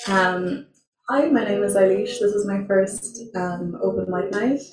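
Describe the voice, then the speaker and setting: A young woman performing a spoken word poem at an open mic, slow, deliberate and intense. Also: mid-range voice, noisy background. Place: small venue, indoors. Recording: roomy, from far off.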